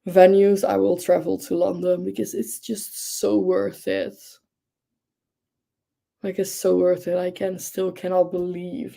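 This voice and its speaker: Young woman streamer, slow gushy chatter, lots of um and like, bit of vocal fry. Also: on the low side, dark tone. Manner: gushing, enthusiastic, chatty with many fillers. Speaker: livestream host. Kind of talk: casual chat.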